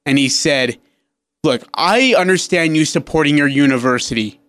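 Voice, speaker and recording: A male sports radio co-host tells stories in casual conversation, laughing often and acting out quotes. His pitch is fairly high and his pace moderate, captured in a dry recording.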